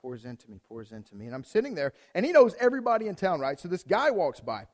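A male pastor delivers a loose, conversational sermon with a slightly raised pitch. He speaks straight to the congregation with plenty of energy, doubling back on words and restarting phrases as he goes. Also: wildly swooping pitch, fast talker. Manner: addresses the congregation directly.

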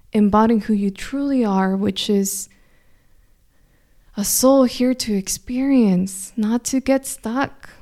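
A young adult woman, a coach hosting a weekly inspirational talk, speaking in a gentle, encouraging, reflective way. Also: mid-range voice. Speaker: spiritual coach host.

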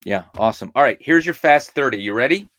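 A middle-aged man hosts a podcast, upbeat and chatty as he tells stories. His voice sits at an ordinary mid pitch. The recording is dry and close. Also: animated, fast talker, fairly bright tone, no echo. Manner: upbeat, storytelling. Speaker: podcast host. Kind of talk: casual podcast conversation.

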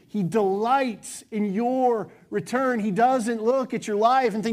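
Male pastor, church sermon, high voice, passionate, loud then hushed. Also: normal speed, few pauses.

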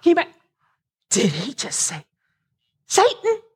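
A woman preaching a sermon, impassioned, at times rising to shouts with a breaking voice. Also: fairly high pitch, lively intonation, measured pace.

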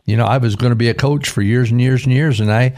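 A man's voice: mid-range voice, steady tone, fast talker, darkish tone. An older man in his sixties, a pastor from Idaho, gives a radio devotional. His talk is folksy and rambling, and he stops to correct himself mid-thought. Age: 60s.

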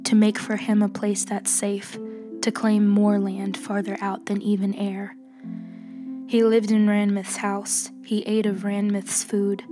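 A woman narrates a fable in a slow, hushed voice that often drops to a whisper. Her melody stays flat and even, and music plays clearly behind her. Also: medium pitch. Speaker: storyteller. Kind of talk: scripted storybook narration.

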